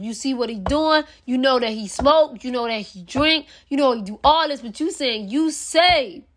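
A woman hosts a faith podcast and works through scripture in a casual teaching style. Her voice sits a little high. She is earnest and preachy, often repeating a line to drive it home. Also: a bit bright. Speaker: podcast host.

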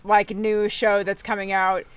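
A woman's voice: medium pitch, flat delivery, unhurried, clear, resonant tone, dry recording. A woman co-hosting a casual chat, offhand and hesitant, swearing casually.

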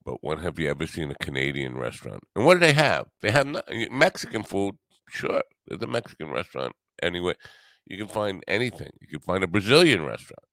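A man's voice: low voice, big pitch swings, fairly quick, fairly bright tone, no echo, clean studio sound. A tired man, rambling through a wisecracking, sarcastic solo podcast monologue as its host. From New York.

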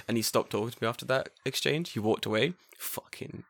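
A man's voice: medium pitch, fairly quick, creaky, hardly any pauses, a bit bright. An English young man telling a profane story in a casual chat, mimicking others. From England. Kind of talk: casual chat, anecdote with acted quotes.

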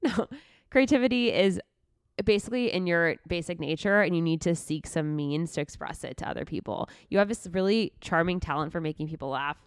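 A woman's voice: on the low side, a little fast, clean tone, no echo, clean studio sound. A woman co-hosting a podcast, casually reading out horoscope traits and adding chatty asides. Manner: chatty, reads traits aloud with frequent "like". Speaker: podcast co-host.

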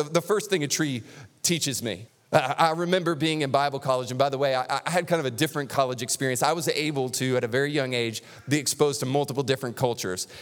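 A man preaching a sermon as pastor, animated and conversational, with touches of humor. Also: a little high, big-room sound.

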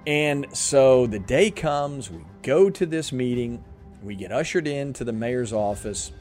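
A man's voice: mid-range voice, lively intonation, unhurried, a little mellow, faint music behind. A man hosting a faith podcast, telling a story earnestly and acting out what people said. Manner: earnest, emotional, acts out quotes. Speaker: podcast host.

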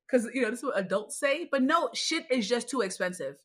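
Husky, bright-toned woman podcast co-host. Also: on the high side, lively intonation, fairly quick. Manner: exasperated, rambling anecdotes. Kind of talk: casual chat.

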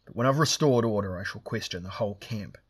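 A man's voice: fairly low pitch, fast, breathy edge. A man voicing a furious barbarian warlord who barks orders. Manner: roaring, commanding. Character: raging barbarian warlord, gruff and commanding.

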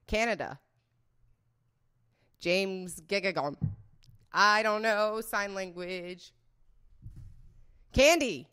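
A woman's voice: fairly low pitch, a bit bright, clean tone. A woman chatting casually as a guest guessing celebrity scandals, blunt and rambling, swearing freely and laughing often. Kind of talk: casual unscripted chat.

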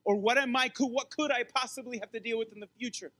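A man preaching a sermon with emphatic, repetitive phrasing that swings between strong appeals and soft, quiet passages. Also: extremely high pitch, fairly even intonation, quick pace, dry recording. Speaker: pastor.

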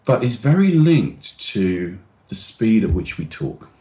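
Deep low voiced middle-aged guy on a video call, guest expert explaining stuff, slows his talk down on purpose. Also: very animated, mellow. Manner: demonstrative, acts out anxious voices and slows down on purpose.

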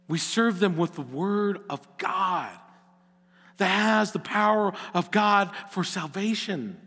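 Middle-aged man as church pastor, slightly higher voice, earnest preaching that swells to emphatic calls, long hall reverb. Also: slow pace, sharp tone, slightly rough. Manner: earnest, rising to emphatic exhortation. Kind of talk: sermon.

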